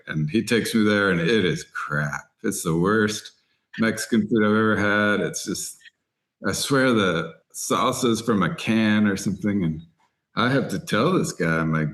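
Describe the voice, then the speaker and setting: Middle-aged man from Texas, low voice, animated storyteller who acts out the lines of people in his tales, relaxed interview guest. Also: normal speed. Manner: animated anecdotes, voices other people in quotes. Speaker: podcast guest, writer and angler.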